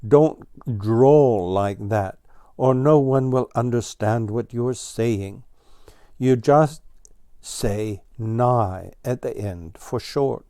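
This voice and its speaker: A man's voice: medium pitch, very slow, warm tone, clear, resonant tone, no echo, clean studio sound. A man voicing a fussy, easily exasperated ground squirrel in a storybook, correcting and emphatic. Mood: instructive.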